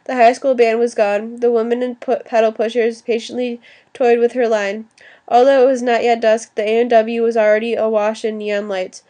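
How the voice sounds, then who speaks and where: A woman narrating an audiobook in an even reading voice, now and then restarting a word. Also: a little high. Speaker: audiobook reader.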